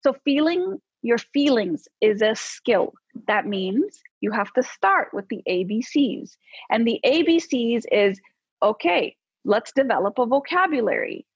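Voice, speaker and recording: A woman psychologist, a podcast guest, explaining how to handle emotions in a lively, coaching way with casual fillers. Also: on the high side, measured pace, breathy edge, dry recording. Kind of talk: conversational podcast advice. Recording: slightly dull, dry podcast audio.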